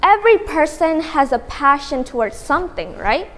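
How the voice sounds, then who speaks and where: Fields: high-voiced teenage girl, hall speech. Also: sing-song, moderate pace, a bit bright. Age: teens. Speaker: speech contest entrant. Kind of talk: memorized contest speech. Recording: long hall reverb.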